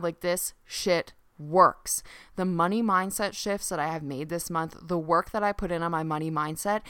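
A young woman hosting a casual solo podcast. She talks in an animated, chatty way, swears freely and fills her speech with "like". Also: lowish voice, smooth, no echo, clean studio sound. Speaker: podcast host and coach.

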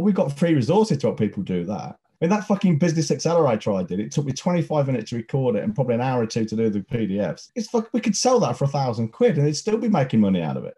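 A man co-hosting a podcast in a casual, sweary way. His voice sits a bit high for a man. He talks bluntly and builds into heated rants. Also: mellow. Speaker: podcast co-host.

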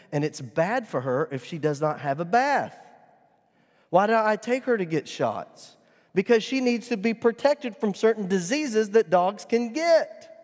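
A middle-aged man preaching a sermon as pastor, earnest and at times loud and emphatic. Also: a little high. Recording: long hall reverb.

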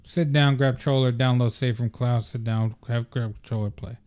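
A man's voice: medium pitch, flat delivery, normal speed, dark tone, clear, resonant tone. A young man co-hosting a podcast, chatting casually in a laid-back, joking way with a lot of swearing. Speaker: podcast co-host. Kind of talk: casual chat.

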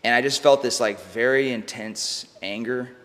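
An American man, a mindset coach appearing as a podcast guest, tells a personal story in a mid-range, slightly bright voice at a moderate pace. His delivery is casual and slangy, full of swearing and frequent "bro" and "like." The recording carries long room reverb.

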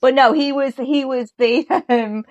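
Woman, lively storyteller, podcast guest on a remote call. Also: sits high, a little slow, lo-fi sound. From England. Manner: lively, animated storytelling with laughs. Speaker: guest, actor and football fan. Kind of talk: casual podcast chat over a call.

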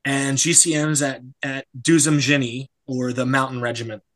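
A man's voice: mid-range voice, little pitch movement, normal speed, a bit bright, poor audio. A young American man, a serving legionnaire, talking casually and bluntly with lots of fillers and swearing. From United States. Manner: blunt, profane, rambling with many fillers. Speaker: serving Foreign Legionnaire, guest. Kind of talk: casual podcast interview.

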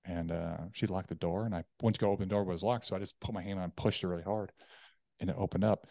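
Male guest, low voice, candid storyteller, dry close mic. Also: rapid-fire, dry recording. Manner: candid, animated retelling with acted quotes. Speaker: podcast guest. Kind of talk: personal storytelling.

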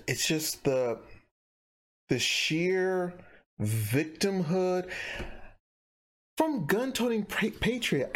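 A man giving casual reaction commentary on a political clip, exasperated and mocking, rambling with stumbles. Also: a little high.

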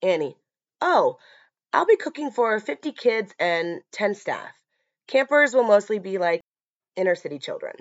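A woman's voice: medium pitch, big pitch swings, unhurried, dry recording. A woman voicing a cheerful young female camp cook, breezy and upbeat, in a dull lo-fi recording.

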